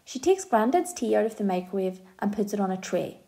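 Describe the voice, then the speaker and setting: A woman narrating an audiobook in a gentle, expressive storytelling manner. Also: mid-range voice, fairly quick, vocal fry.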